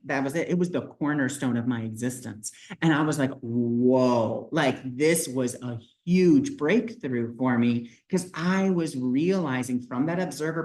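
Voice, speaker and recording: A man's voice: on the high side, darkish tone, low-quality recording. A man talking casually in a spiritual vlog, telling a personal story earnestly, with lots of "like" and "you know". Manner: personal storytelling with many fillers. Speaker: spiritual video creator.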